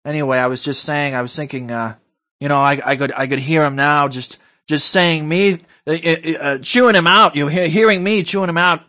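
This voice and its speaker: A man hosting a comedy talk-radio show, ranting blusterily and building to shouted outbursts. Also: on the high side, a little fast.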